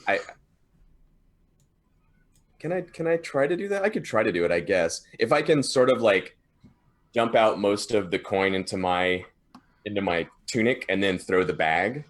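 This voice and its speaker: A man playing a tabletop game, talking casually and haltingly with restarts. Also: fairly low pitch, animated. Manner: halting, stammering. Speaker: player.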